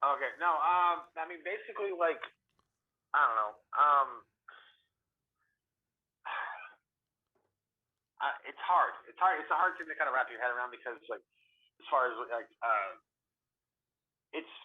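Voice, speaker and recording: A man's voice: mid-range voice, expressive, a little slow, pauses often. A young man co-hosting a podcast, rambling in casual chat with lots of swearing and filler words. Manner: rambling, profane, many fillers. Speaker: podcast co-host. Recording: tinny phone-like line.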